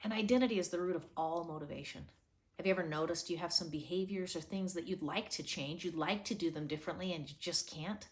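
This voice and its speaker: A woman's voice: lowish voice, fast. A woman hosting a motivational talk, earnest and coaching, firing off rhetorical questions at the listener. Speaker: motivational host.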